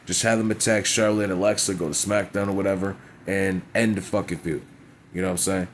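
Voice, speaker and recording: A man's voice: deep voice, level tone, quick pace, a little hiss or hum. A man reviewing a wrestling show in a blunt, profane casual rant, often asking "you know what I'm saying".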